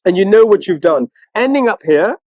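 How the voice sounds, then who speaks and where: A man, chatting as co-host in a casual interview and telling stories, often mimicking other people in a high mocking voice. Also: animated, a little fast, darkish tone, no echo, highs cut off. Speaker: co-host, one of twin brothers.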